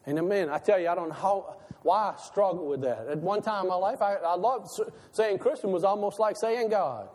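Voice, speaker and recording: Male pastor, very high voice, animated sermon delivery with a long hall reverb. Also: moderate pace, few pauses. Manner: animated preaching, rhetorical questions, laughs between lines.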